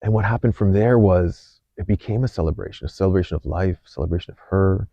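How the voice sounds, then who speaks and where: A man with a very deep, gravelly voice hosts a podcast and tells a personal story in an earnest, unhurried way. He often restarts his sentences and fills pauses. The recording is dry and a little dull. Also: dry recording. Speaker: podcast host. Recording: slightly dull dry sound.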